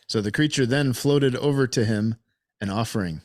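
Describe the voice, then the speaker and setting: A man with a mid-range voice speaks at a measured pace, leaving long pauses. He's co-hosting a casual podcast, reading the case notes aloud to his friends and chuckling often.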